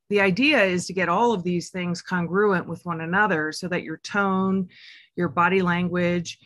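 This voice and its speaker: A woman's voice: on the low side, fairly bright tone, dry recording, clean studio sound. A woman working as an executive coach, giving a conversational, teacherly webinar presentation with frequent fillers.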